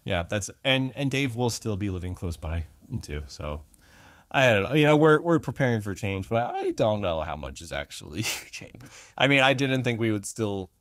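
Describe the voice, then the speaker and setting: Chill lower-voiced guy hosting a remote podcast, lots of ums and laughs, dry close mic. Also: sing-song, normal speed, a bit bright, dry recording. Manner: easygoing, laughs often, hesitant fillers. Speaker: podcast co-host. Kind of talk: casual chat. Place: own room, recording remotely. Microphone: remote recording app.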